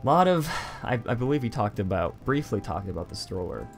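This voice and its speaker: A man's voice: fairly low pitch, big pitch swings, fairly quick, vocal fry, faint music behind. A man hosting a casual podcast, chatting loosely and poking fun at himself as he reads out quotes. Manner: chatty, self-deprecating, reads quotes aloud. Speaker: podcast host.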